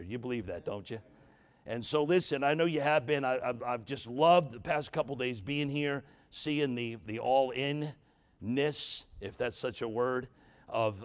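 A man with a New York accent delivers an energetic revival sermon. His voice is unusual and husky. He punches his words hard and keeps calling out to the congregation. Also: medium pitch. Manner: fiery, emphatic, calls out to the congregation. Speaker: guest preacher. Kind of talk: revival preaching. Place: church sanctuary.

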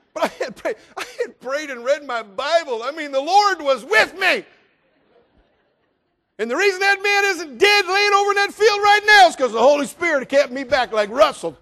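A middle-aged male pastor preaching a sermon and telling a folksy personal story, dropping low and then rising to shouts. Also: expressive, moderate pace.

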